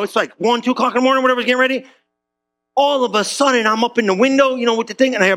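A man preaching as a pastor, telling a story with slang and acting out every voice in the dialogue. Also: racing. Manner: animated, slangy, acts out dialogue with big pitch jumps. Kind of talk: comedic storytelling sermon.

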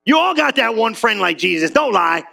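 Animated preaching man, bright and gravelly. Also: high-pitched, moderate pace, soft background music. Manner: animated, preachy and conversational, with street slang and crowd questions. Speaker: pastor. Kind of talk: sermon. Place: church.

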